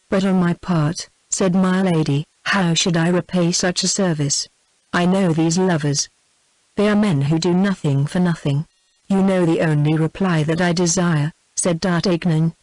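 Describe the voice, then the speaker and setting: A woman's voice: on the low side, no room sound, poor audio. Synthetic British woman reading a novel. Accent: British English. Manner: even synthetic reading, reads punctuation aloud. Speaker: audiobook reader. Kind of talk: text-to-speech audiobook narration.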